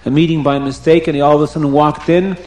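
A man telling a religious story to children, animated and emphatic, slowing down on key words. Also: on the high side. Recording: roomy echo.

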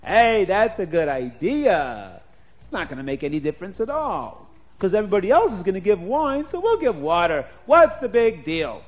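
A man's voice: sits high, big pitch swings, moderate pace, highs cut off. A man storytelling for children voices a stingy townsman who wheedles and schemes to get away with a cheat. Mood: scheming. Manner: conspiratorial, wheedling.

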